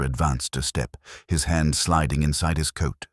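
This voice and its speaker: A man narrating a detective story in a measured, dramatic storytelling manner. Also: a bass voice, no echo, clean studio sound. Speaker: audiobook narrator. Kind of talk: scripted narration.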